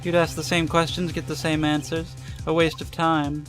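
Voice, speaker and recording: A man's voice: a little high, flat delivery, normal speed, a bit bright, soft background music, pitched above the performer's own voice, lightly acted. A man voicing a smug, scheming woman witness in a game, cool and dismissive. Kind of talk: reading game dialogue aloud.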